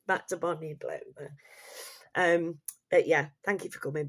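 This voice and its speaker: A woman's voice: on the low side, slow, pauses often, breathy edge. A woman delivering a heated, sweary rant straight to her viewers in a vlog. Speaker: vlogger. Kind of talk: ranting vlog monologue.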